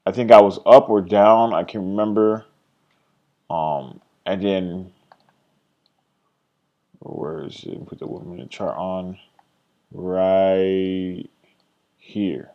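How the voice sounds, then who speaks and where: The sound is lo-fi as a young man walks through his day trades in a casual screen-share vlog. His talk is self-critical and rambling, laced with swearing, trailing off and restarting, and he acts out his past thinking in a higher, excited voice.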